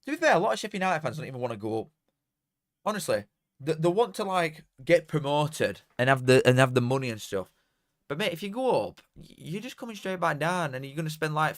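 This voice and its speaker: A man's voice: on the high side, lively intonation, fairly quick, no echo, clean studio sound. A young man, casually commentating on a live match and bantering with chat. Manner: banter with chat, swings from mutters to shouts. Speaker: watchalong streamer.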